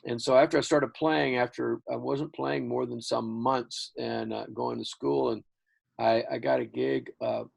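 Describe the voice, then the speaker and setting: An older man from Houston, Texas, spins a long story as an interview guest. His voice is gravelly with a bit of fry, and he rambles, restarts and gets animated. The pitch sits mid-range for a man. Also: measured pace. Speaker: guest musician.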